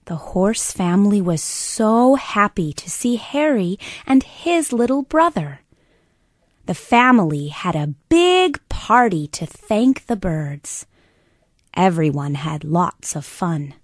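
A woman reading a children's bedtime story aloud, narrating slowly and often in a soft half-whisper. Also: medium pitch, animated, no room sound, studio quality.

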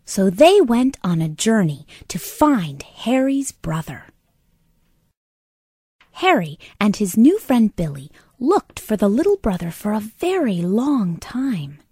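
A woman reading a children's bedtime story aloud, narrating slowly and often in a soft half-whisper. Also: mid-range voice, breathy edge, no room sound, clean studio sound.

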